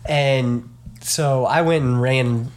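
A man's voice: mid-range voice, slow. A man co-hosting a casual chat podcast, telling a story in a rambling way with many fillers. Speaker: podcast co-host.

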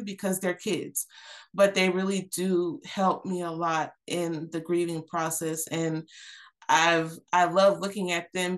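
A woman in her thirties, a podcast guest, talking earnestly and reflectively with many fillers and restarts. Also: on the low side. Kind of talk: candid personal conversation.

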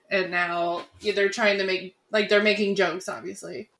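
A woman co-hosting a podcast, talking through a movie plot in a relaxed, conversational way. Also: medium pitch, normal speed, hardly any pauses. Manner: relaxed, conversational, frequent "like" fillers. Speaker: podcast co-host. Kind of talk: casual movie recap chat.

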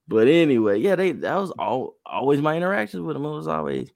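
A man's voice: on the high side, moderate pace, no echo, clean studio sound. A man co-hosting a podcast in casual chat, laughing often. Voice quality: gravelly, animated, laughs often. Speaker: podcast co-host.

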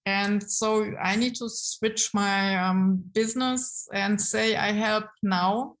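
A woman's voice: mid-range voice, takes it slowly, low-quality recording. Woman telling business stories. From Germany. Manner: lively storytelling with frequent um and restarts. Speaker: guest, brand consultant. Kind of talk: casual interview talk.

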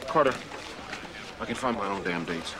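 A man's voice: lowish voice, expressive, normal speed, background noise, natural voice. An actor playing a stern, proud male surgical resident who talks in clipped, curt replies. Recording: TV drama clip with hospital bustle.

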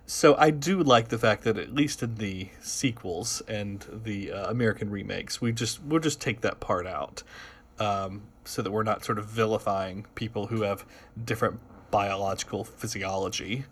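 A man's voice: lowish voice, moderate pace, a little hiss or hum. Chatty man co-hosting a film podcast. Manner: chatty, hedging with fillers. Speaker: podcast co-host. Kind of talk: casual film chat.

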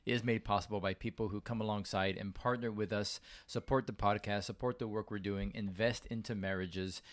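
Man, podcast co-host, low voice, chatty with fillers and restarts. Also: fairly even intonation, fairly quick. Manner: conversational, frequent fillers and restarts. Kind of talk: casual chat.

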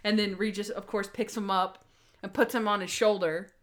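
A woman co-hosts a casual podcast where she reviews a TV episode, speaking at medium pitch and a moderate pace. She's animated, acting out quotes and using plenty of fillers.

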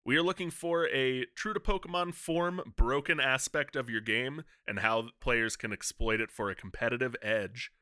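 A man hosting a comedy podcast segment, relaxed and amused as he sets up each pitch. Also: moderate pace, hardly any pauses, smooth, dry recording, studio quality. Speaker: podcast host.

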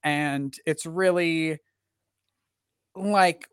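A man's voice: fairly high pitch, fairly even intonation, extremely slow, a bit bright, clean tone, no echo, studio quality. A man hosting a casual live podcast chat, rambling with lots of fillers and joking at himself. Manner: rambling and self-deprecating, with many fillers. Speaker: podcast host.

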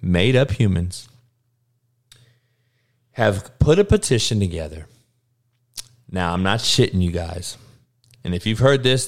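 Slangy guy going off on a rant, cussing, stumbling over his words, voice bouncing up and down a lot. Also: vocal fry. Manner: heated, swearing, stuttering restarts, swinging from low mutters to loud outbursts; slangy street talk. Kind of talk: casual profane rant to camera.

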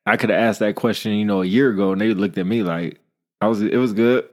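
A man in a casual conversation, reflecting on his own habits and sometimes pausing to search for words. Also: on the low side, steady tone, a little mellow. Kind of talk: casual podcast chat.

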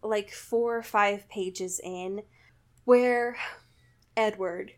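A woman's voice: medium pitch, fairly even intonation, extremely slow, darkish tone. A woman in casual chat, recapping a book with sarcasm and frequent laughter. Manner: sarcastic, laughs often, reads passages in mock voices. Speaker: podcast co-host.

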